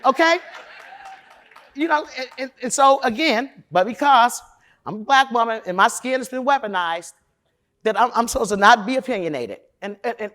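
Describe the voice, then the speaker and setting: A woman from Chicago, a defense lawyer, giving a candid, profane conference talk in a loud, emphatic, opinionated way, speaking straight to the audience. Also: on the high side. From Chicago, USA.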